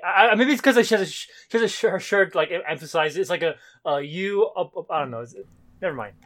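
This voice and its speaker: High voiced dude ranting and cussing on a podcast, joking around. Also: male voice, expressive, fast, fairly bright tone. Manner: teasing, profane, scoffing. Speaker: podcast co-host. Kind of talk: casual chat.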